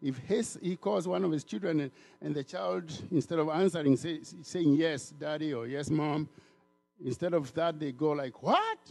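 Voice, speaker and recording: Animated preacher from Africa, faint music. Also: male voice, fairly high pitch, moderate pace, creaky. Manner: animated, repeats words and restarts phrases, acts out quoted voices. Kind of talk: sermon.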